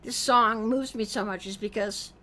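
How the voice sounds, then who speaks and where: A woman's voice: on the high side, normal speed. A middle-aged woman co-hosting a casual music chat, talking in a thoughtful, musing way. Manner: musing, thoughtful, lively when excited. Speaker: co-host, mother. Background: song playing faintly.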